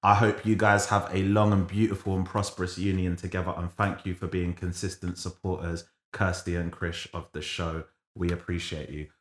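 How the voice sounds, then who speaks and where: A man's voice: sits low, little pitch movement, moderate pace, few pauses. A man co-hosting a casual podcast, full of slangy jokes and banter. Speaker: podcast co-host. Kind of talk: casual live-streamed podcast chat. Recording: roomy echo.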